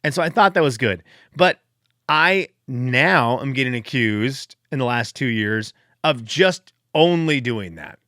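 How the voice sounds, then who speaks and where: A man's voice: mid-range voice, expressive, a little slow, sharp tone, no echo. Rambling man on a dry podcast mic. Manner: rambling, self-deprecating storytelling. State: fired up late at night. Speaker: podcast host. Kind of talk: casual solo podcast chat.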